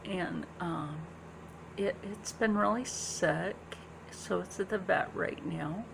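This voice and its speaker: A woman vlogger chats her way through a makeup look, talking slowly with a low, gravelly edge to her voice. She is soft-spoken and slips into whispers now and then, with plenty of ums. A faint hiss of noise sits under the recording. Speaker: beauty vlogger. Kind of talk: casual makeup tutorial chat. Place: indoors at home.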